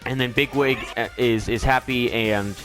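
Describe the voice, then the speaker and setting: A young man hosting a game video, recapping a story in a casual, rambling and animated way with lots of filler words. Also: medium pitch, normal speed, soft background music. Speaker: let's play host.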